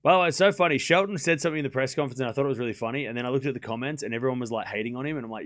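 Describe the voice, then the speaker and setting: A young man hosting a live tennis watchalong stream, chatting casually and excitably with lots of "like" fillers and mocking asides. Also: mid-range voice, racing, hardly any pauses.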